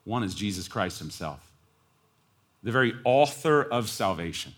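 A man preaching a sermon as pastor, moving between quiet, low asides and loud, high, near-shouted emphasis. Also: normal speed. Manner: animated preaching, swings from hushed to near-shouting.

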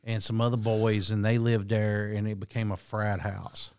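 A man's voice: lowish voice, little pitch movement, normal speed, a little mellow, clear, resonant tone. Folksy, drawling podcast co-host, a man. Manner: folksy, drawling, loose grammar. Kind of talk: casual storytelling chat.

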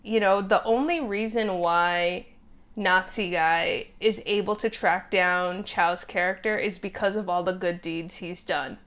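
A woman's voice: fairly low pitch, unhurried, a bit bright, smooth. A woman co-hosting a casual movie review podcast, chatty and laughing often. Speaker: podcast co-host.

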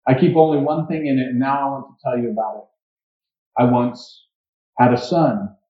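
A man's voice: mid-range voice, steady tone, normal speed, natural voice. A man reading a grieving old pearl diver. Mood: earnest. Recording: dull echoey church recording.

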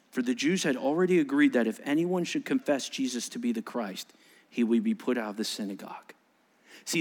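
A middle-aged male pastor preaching a sermon, animated, acting out voices from the story and often repeating himself. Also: fairly high pitch.

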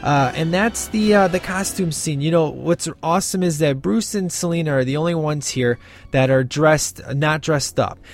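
A man's voice: a little high, moderate pace, faint music behind. Rambling man reviewing a film. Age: adult with a child. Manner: rambling, lots of fillers and restarts. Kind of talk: casual film commentary.

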